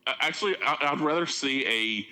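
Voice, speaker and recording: A podcast co-host with a medium-pitched, bright, forceful voice talks fairly quickly in a loose, rambling, comic way, laughing often and restarting sentences. The audio quality is poor.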